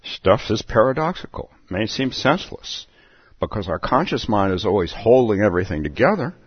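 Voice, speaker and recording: A man's voice: on the low side, sing-song, moderate pace, breathy edge, no echo, dull audio. A man giving a reflective Zen dharma talk, musing aloud and chuckling between thoughts. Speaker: Zen teacher.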